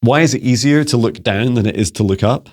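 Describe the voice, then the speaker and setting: A man's voice: mid-range voice, fairly quick. A man from Scotland, a psychic mentor, answering viewer questions in a rambling casual monologue full of restarts. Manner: rambling, many restarts and fillers; playful beeping noises.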